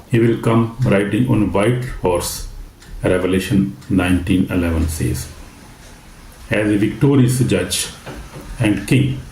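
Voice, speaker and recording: A man preaching a sermon as a pastor, slow and halting, with frequent fillers and restarts. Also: on the low side, gravelly, mellow, echoey room, a little hiss or hum, rough recording.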